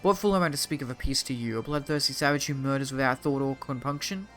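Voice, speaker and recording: A proud, cold young woman mystic, read by an Australian man with a bright, clear tone. The lines come out formal and even, in his everyday voice. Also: medium pitch, fast, soft background music, natural voice. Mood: indignant. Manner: reading quest dialogue aloud in an even, formal way.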